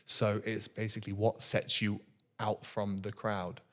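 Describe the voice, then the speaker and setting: A man's voice: on the low side, level tone, measured pace, fairly bright tone. A young man, an actor being interviewed, speaking earnestly with many restarts and repeated words. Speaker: actor guest. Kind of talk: casual interview chat.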